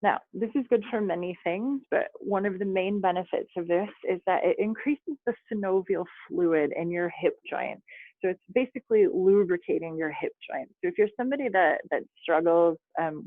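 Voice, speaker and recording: A woman leading a yoga class over a video call, giving calm, chatty cues with little laughs and asides. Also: lowish voice, brisk, no echo. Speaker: yoga instructor. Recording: dry, phone-like video call audio.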